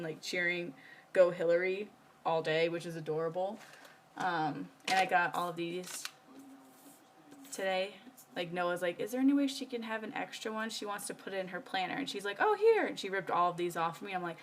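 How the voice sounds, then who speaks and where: A woman's voice: mid-range voice, a bit bright, a little hiss or hum. A woman, chatting casually while she works on her planner during a live stream, rambling with many fillers. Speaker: planner vlogger. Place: home.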